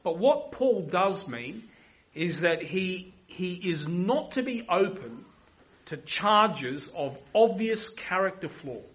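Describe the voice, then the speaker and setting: A man preaching a sermon emphatically, repeating himself for weight and swinging from loud to quiet. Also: high voice, lively intonation, slow pace, low-quality recording. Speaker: pastor.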